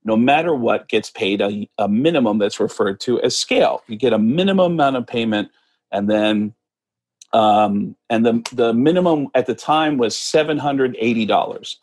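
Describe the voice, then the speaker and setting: An animated American male comedian and impressionist, appearing as a podcast guest, tells stories casually. His mid-range voice moves at normal speed, and he acts out other people's voices when quoting them.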